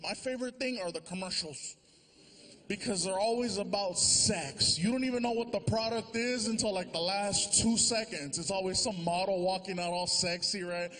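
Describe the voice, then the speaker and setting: A man doing stand-up comedy on a large theater stage, animated, switching quickly into character voices. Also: high voice. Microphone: stage microphone.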